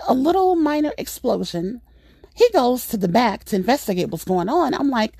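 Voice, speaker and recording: Middle-aged woman host, gravelly voice, dry close mic, chatty exasperated storytelling. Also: on the high side, normal speed, dry recording. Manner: animated, exasperated, rambling with fillers. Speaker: podcast host. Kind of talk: casual storytelling monologue.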